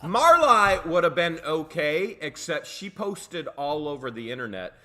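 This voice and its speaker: A man's voice: a little high, very animated, measured pace, pushed and bright. A man co-hosting a livestream, talking casually with sarcastic, mocking asides. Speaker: co-host of a livestream.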